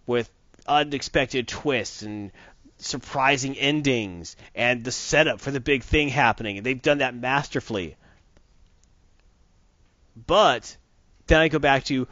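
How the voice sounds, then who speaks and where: A man's voice: mid-range voice, no room sound. Man, comic reviewer, casual podcast chat, opinionated, dry close sound. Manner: animated, rambling, opinionated. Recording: dull dry lo-fi recording.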